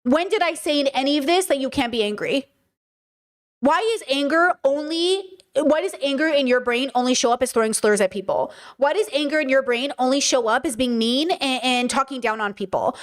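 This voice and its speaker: A woman's voice: high-pitched, brisk. A woman doing casual livestream commentary, reacting to a clip and pressing her chat with emphatic rhetorical questions. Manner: casual, addresses viewers as girlies. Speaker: streamer reacting to videos.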